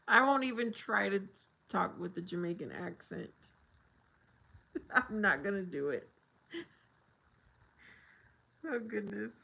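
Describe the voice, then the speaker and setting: A woman's voice: mid-range voice, animated, slow pace, vocal fry, long pauses, pushed and bright, low-quality recording. A middle-aged woman hosting a casual livestream, chatting with viewers and laughing often. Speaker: livestream host.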